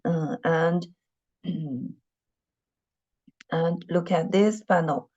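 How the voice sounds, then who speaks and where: With a deep, darkish voice, a native Mandarin-speaking teacher slowly explains tones to her class. She's patient, repeats each idea, and fills pauses with "you know," all captured in dull lo-fi sound.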